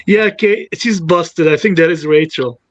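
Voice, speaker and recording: A man's voice: on the high side, normal speed, no echo, muffled recording. A man chatting casually on a livestream, rambling and laughing a lot.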